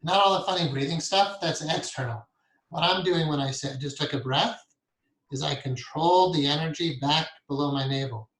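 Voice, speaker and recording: A man teaching a guided meditation lesson, talking calmly and softly and chuckling often as he explains and counts breaths. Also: a little high, normal speed. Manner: calm, soft-spoken, chuckles often. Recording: echoey room.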